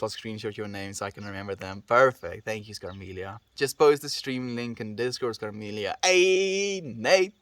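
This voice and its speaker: A South African man hosts a relaxed live stream, reading messages aloud and answering each viewer with gentle affection. His voice sits a little low and comes across dry and close, with no room around it. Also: no echo. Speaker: livestreamer.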